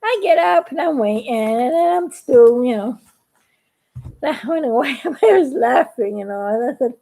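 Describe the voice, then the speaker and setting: A woman's voice: high voice, lively intonation, a little slow, vocal fry, mellow. A woman chatting casually to her viewers, telling a story and laughing often. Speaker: YouTube cartoon maker.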